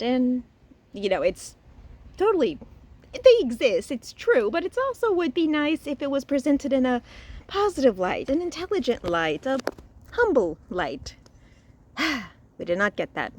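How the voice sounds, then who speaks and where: A woman from Louisiana giving a casual spoken review, chatty and expressive, recorded outdoors. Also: a little high, measured pace. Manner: chatty and expressive, with frequent laughs and sighs. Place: outdoors in a cemetery.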